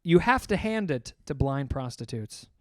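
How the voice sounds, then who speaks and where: Very animated at a moderate pace, this young man's medium-pitched, slightly mellow voice comes through a dry, studio-quality recording. He co-hosts a laid-back podcast, cracking crude, profanity-filled jokes and cracking up at his own punchlines.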